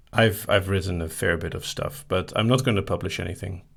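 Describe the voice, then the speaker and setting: Low gravelly man chatting casually. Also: a bit bright. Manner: reads out listener questions and answers them briefly, with light laughs. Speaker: hypnosis host. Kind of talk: casual live-stream Q&A.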